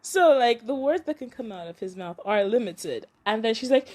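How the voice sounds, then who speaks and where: A lively young woman talks through a drama plot in a casual, chatty way. Her pitch swings widely as she slips into the characters' lines, breaking into laughter along the way. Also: normal speed, few pauses. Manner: animated storyteller, acts out characters' lines, laughs a lot. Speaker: podcast host recapping a drama. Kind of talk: casual recap chat.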